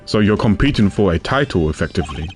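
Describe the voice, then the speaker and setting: A man reading a dry, calm investigator. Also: low voice, fast talker, soft background music, pitched below the performer's own voice. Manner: even, matter-of-fact questioning. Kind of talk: reading game dialogue aloud.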